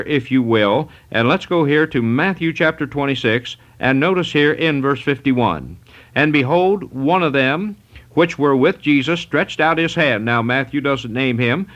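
Emphatic preacher, muffled recording. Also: male voice, medium pitch, fairly bright tone. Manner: emphatic, repetitive preaching with scripture readings. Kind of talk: sermon.

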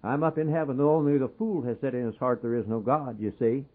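A man preaching a fervent sermon on the radio, pleading and rising to loud exhortation, with a husky voice. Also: medium pitch, steady tone, brisk. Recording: tinny phone-like radio broadcast.

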